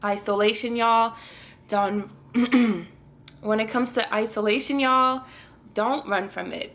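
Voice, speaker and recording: A woman in her twenties speaks earnestly and directly to her viewers in a casual faith vlog, laughing often. Her voice is medium-pitched, bright, and forceful.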